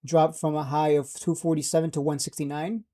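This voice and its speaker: A man's voice: on the high side, little pitch movement, brisk, mellow. Brash, joking stock market streamer man. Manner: brash, joking, laughs at own jabs. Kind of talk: casual market commentary.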